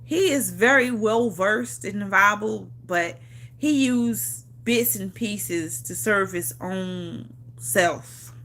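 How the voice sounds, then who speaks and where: A woman's voice: mid-range voice, slow pace, fairly bright tone. A woman vlogger telling a personal story in a casual chat. She talks emphatically, repeats herself, swears freely and laughs often. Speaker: vlogger on a livestream.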